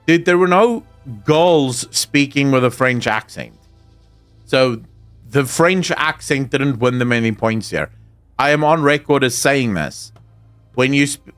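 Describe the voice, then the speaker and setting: A man's voice: medium pitch, fairly bright tone, no room sound. Chatty man reading his stream chat. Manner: chatty, reads viewer comments aloud and answers them. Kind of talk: casual live-stream chat.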